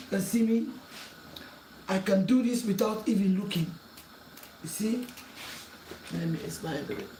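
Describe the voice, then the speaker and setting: Warm and mid-range, a woman's voice carries through an echoey home kitchen as she hosts a cooking tutorial, repeatedly pleading and warning in earnest while she works. The distant mic picks up clattering pots and a little hiss or hum.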